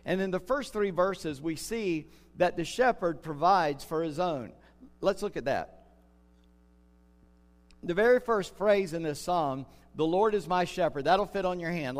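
An older man from the United States, preaching a sermon as pastor in an earnest way, slowing down to stress key words. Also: fairly high pitch. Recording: long hall reverb.

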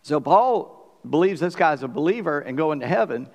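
Man, pastor, folksy conversational sermon, slightly high voice, long hall reverb. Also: animated, moderate pace, darkish tone. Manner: conversational, folksy preaching with asides to the congregation.

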